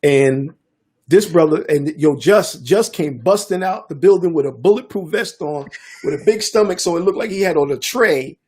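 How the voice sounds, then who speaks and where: An older man, a DJ and producer telling a story in a casual interview, animated and acting out the voices of others. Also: fairly high pitch, normal speed, husky. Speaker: guest DJ and producer.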